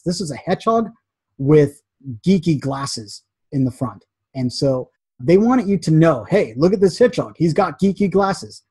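A man teaching a casual graphic design lesson, chatty and animated, acting out little quotes as he explains. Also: mid-range voice, slightly rough, no room sound.

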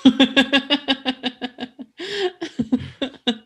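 A woman's voice: high voice, lively intonation, very slow, fairly bright tone. A woman co-hosting a drawing livestream in casual chat, who giggles often between her words. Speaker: stream co-host.

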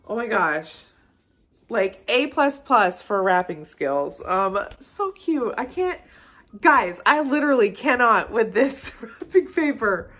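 A woman's voice: mid-range voice, measured pace, soft background music. A young woman gushing and gasping as she unboxes a gift for her vlog. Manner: gushing, excitable, frequent gasps and "oh my gosh". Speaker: manga vlogger. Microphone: phone camera.

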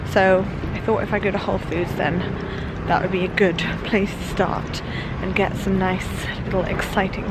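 A young woman vlogging in a casual, chatty, giggly way. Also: mid-range voice. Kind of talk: casual vlog chat. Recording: loud background noise.

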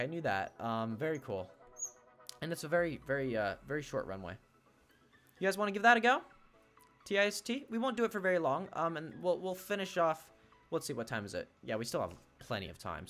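A man's voice: mid-range voice, fairly bright tone. Chatty teen boy streaming a game. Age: teens. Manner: chatty, greets viewers, thinks aloud. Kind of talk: casual live-stream chat. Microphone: desk mic he must face toward.

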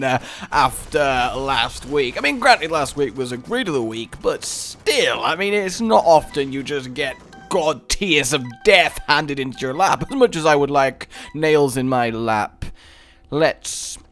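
A man giving casual let's-play commentary, excitable and gleeful, laughing often. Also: medium pitch. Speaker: gaming commentator.

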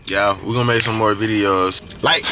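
A young man hosting his vlog, joking around in slangy, animated casual talk. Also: on the low side, normal speed, music in the background. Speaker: vlogger. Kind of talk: casual chat.

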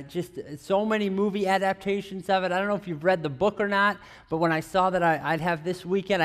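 A man preaching a conversational sermon, often asking the audience questions and adding playful teasing asides. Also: sits high. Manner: chatty, asks the audience questions, many restarts. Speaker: pastor.

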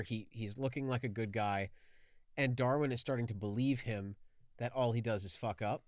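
A young man co-hosting a podcast, with a mid-pitched, casual voice. He talks loosely as he works through story beats. The sound is dry and close to the mic. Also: dry recording. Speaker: podcast co-host. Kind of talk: casual brainstorming chat.

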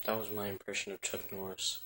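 A man presenting a joking impressions video as a YouTuber, with a deadpan delivery. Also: fairly low pitch, brisk.

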